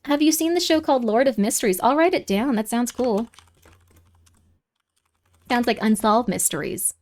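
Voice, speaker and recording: A woman streamer chatting casually and reading viewer comments, rambling and animated, quick to get worked up. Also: on the high side.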